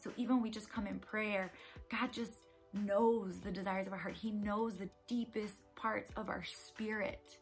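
An earnest woman talks through a devotional message in a relaxed, conversational way, echoing her key lines for emphasis. Her voice sits in an ordinary middle pitch. Faint music plays quietly behind her. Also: moderate pace. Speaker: poet giving a devotional message. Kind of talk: casual devotional encouragement talk. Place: at home.

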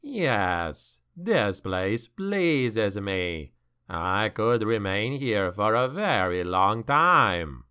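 A man voicing a slow, gloating demon. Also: lowish voice, very animated, sharp tone, clear, resonant tone, pitched below the performer's own voice, full character voice. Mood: gloating menace. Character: mocking ancient male demon, deep and cruel.

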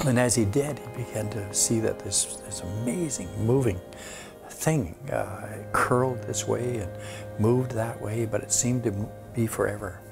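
A man telling a traditional folk tale aloud, unhurried, often dropping to a whisper, with halting restarts. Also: medium pitch, vocal fry, music in the background. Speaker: storyteller.

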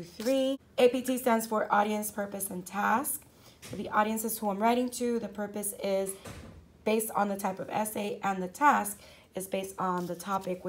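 A woman teacher with a raspy voice in a casual vlog, upbeat as she walks through her classroom lessons and materials. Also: mid-range voice. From South Florida. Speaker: fourth grade teacher.

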